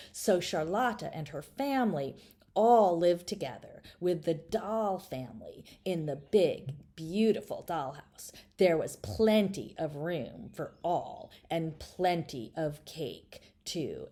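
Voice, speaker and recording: Expressive woman reading a storybook aloud. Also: low voice, slow pace. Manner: playful, speaks straight to the listener, drops to whispers. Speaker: children's author reading her own book.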